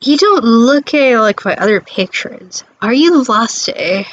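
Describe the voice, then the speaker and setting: A woman's voice: on the high side, lively intonation, moderate pace, lo-fi sound, lightly acted. Slinky female troll art dealer, fake French accent, teasing; woman doing the voice. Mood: sly. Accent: put-on French accent. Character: smug female troll art gallery owner.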